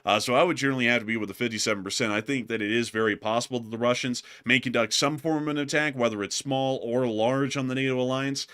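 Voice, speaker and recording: A man's voice: medium pitch, fast talker, few pauses, clean tone. A man hosting a casual war news commentary show, talking through headlines with a co-host. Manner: animated, jokes and laughs with co-host.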